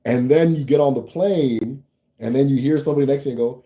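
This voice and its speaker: A young American man runs a laid-back livestream where he reads viewer comments, rambling with laughs and false starts. He's a fast talker with a warm, mid-range voice.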